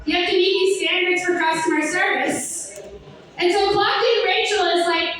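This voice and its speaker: A young woman doing a stand-up comedy set with a sardonic, rambling delivery, breaking into sung and shouted bits. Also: extremely high pitch, fairly even intonation, brisk, slight background noise. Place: comedy club stage. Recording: echoey club from far off.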